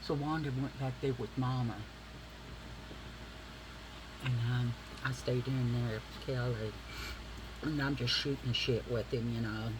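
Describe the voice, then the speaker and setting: A woman vlogging as she does her makeup, telling a story in a chatty, animated and profane way, acting out the people in it. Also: very deep voice, normal speed, noisy background. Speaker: beauty vlogger.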